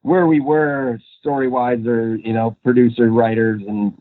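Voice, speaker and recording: A little slow and steady in tone, this mid-range male voice belongs to a young Minnesotan actor rambling through a casual interview as a guest, full of fillers and laughter. The recording is dry and sounds tinny, as if over a phone.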